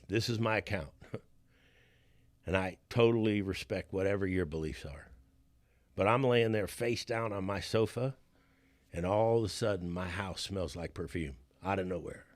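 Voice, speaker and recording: A man's voice: deep voice, dry recording. A middle-aged man hosting a podcast and telling a confessional personal story. He talks casually and earnestly, repeating words and restarting phrases, with plenty of "man" and "dude.". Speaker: podcast host.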